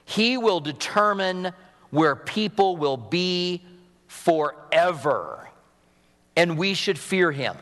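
Man, pastor, sniffly cold, fairly high voice, earnest and conversational, long hall reverb. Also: lively intonation, takes it slowly, a bit bright. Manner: earnest, conversational preaching with humor and asides. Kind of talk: sermon. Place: church sanctuary at a pulpit.

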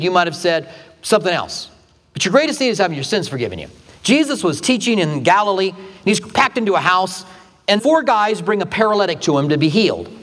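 A man's voice: a bit bright, in a large hall. A male pastor delivering a sermon, telling the story dramatically with acted quotes. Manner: dramatic retelling with acted quotes, shifting pitch widely.

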